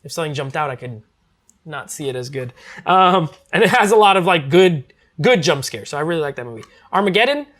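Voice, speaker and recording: A man's voice: fairly high pitch, very animated, brisk, a bit bright. A man reviewing movies in a casual, rambling chat, full of fillers and restarts.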